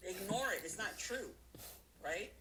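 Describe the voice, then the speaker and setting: Woman doing a motivational talk, super animated, jumps into squeaky voices for other people, bit of noise behind. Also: a little slow, low-quality recording. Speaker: motivational speaker.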